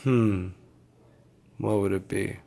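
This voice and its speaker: His voice fairly low, dark, and steady with vocal fry, a male vlogger speaks slowly in a loose update for his followers. Tired and yawning, he wanders through it in a relaxed way, leaning heavily on fillers.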